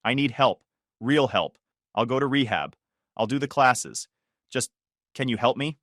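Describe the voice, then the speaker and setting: A man's voice: mid-range voice, lively intonation, measured pace, a bit bright, dry recording, studio quality. A man voicing a desperate, drunk young twin brother who pleads with a breaking voice. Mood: pleading.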